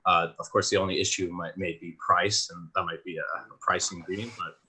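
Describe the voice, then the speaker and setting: Deep, bright-toned, hesitant young man. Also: steady tone. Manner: hesitant, halting with many restarts. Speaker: supplement company founder. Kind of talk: casual roundtable chat.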